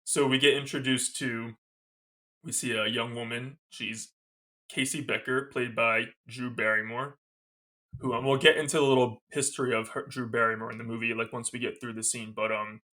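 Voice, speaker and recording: Bright-voiced excited podcast host. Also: male voice, mid-range voice, normal speed. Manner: excited, gushing, laughs often. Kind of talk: casual film discussion.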